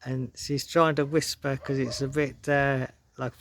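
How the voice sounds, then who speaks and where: A man's voice: mid-range voice, flat delivery, a little slow. A man vlogging a casual story, chuckling often and rambling through restarts.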